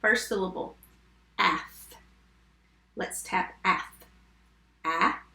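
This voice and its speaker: In an echoey room, a woman with a creaky, mid-range voice that sounds pushed and bright leads a remote first grade phonics lesson. She patiently walks the kids through each step and says the words slowly, sound by sound.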